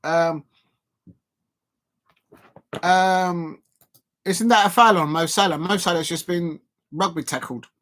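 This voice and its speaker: A man hosting a live football watch-along, commentating in a rambling way with many fillers and restarts, excitable at key moments. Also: high voice, slow pace, long pauses.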